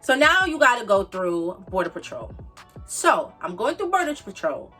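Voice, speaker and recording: A woman's voice: medium pitch, sing-song, moderate pace, sharp tone, breathy edge, far from the mic, soft background music. A woman, telling a casual storytime with emphatic, repetitive, slangy asides. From the Bronx, New York. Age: 20s. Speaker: vlogger.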